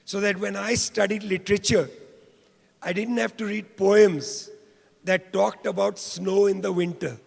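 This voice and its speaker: A high-pitched, heavily gravelly older man from India delivers an impassioned public lecture. His husky, worn voice rings out in a long-echoing hall as he leans on repeated phrases. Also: fairly even intonation, a little slow. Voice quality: hoarse, rough voice. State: hoarse. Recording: reverberant hall.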